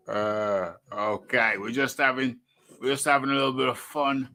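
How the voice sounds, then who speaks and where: Rambling man with a bright voice. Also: mid-range voice. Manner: rambling, talks to himself and calls himself by name in the third person. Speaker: boxing talk show host. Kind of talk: casual live-stream chat, reading an article aloud.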